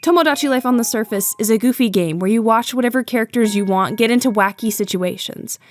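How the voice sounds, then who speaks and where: Young woman, higher pitch, sincere and thoughtful narration with a joking edge. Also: fast. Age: young adult. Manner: earnest and reflective, with playful asides. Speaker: YouTube video essayist. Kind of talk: scripted narration.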